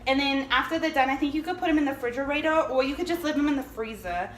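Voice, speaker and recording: A woman's voice: sits high, quick pace, close to an everyday voice. A woman playing a brash, gossipy cooking-show host from New Jersey, who rambles, swears and keeps calling her viewers honey. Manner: chatty, rambling, profane, calls viewers honey. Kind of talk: comedic cooking sketch. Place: home kitchen. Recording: echoey room with faint background noise.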